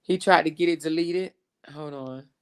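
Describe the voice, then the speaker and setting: A woman's voice: low-pitched, moderate pace, clean tone. A woman hosting a show, giving chatty commentary and repeating words for effect. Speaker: host. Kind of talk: casual commentary.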